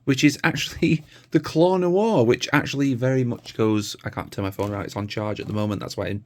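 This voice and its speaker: A man's voice: mid-range voice, steady tone, fairly quick. A tired man, chatting casually to camera in a rambling, easygoing vlog. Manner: rambling, easygoing, many fillers. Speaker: vlogger.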